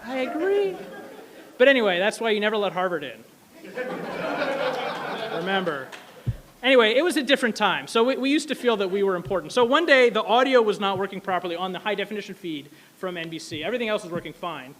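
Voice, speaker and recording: A man telling a casual, animated story to an audience, full of fillers and asides. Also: sits high. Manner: quick, animated, many fillers. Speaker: speaker at an anniversary event.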